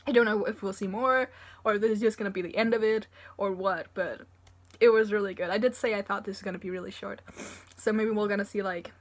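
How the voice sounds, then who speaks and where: A woman's voice: medium pitch, fairly even intonation, fast. A woman reviewing a manga chapter in a casual, rambling way, tearful and choked up as she gushes about it. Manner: rambling and gushing, full of fillers and swearing.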